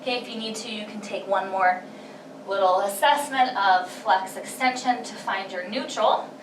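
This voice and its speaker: Speaking in a mid-range voice at a moderate pace, a pilates instructor counts out breaths and reps for a home workout, sounding encouraging yet slightly out of breath. Slight background noise accompanies the echoey, distantly miked recording.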